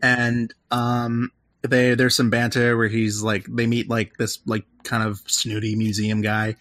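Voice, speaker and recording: A man's voice: medium pitch, completely flat delivery, a little slow, a bit bright, no room sound. A man co-hosting a casual podcast, retelling movie scenes in a rambling way and acting out the characters' lines as he goes. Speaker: podcast co-host. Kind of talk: casual chat recapping a film.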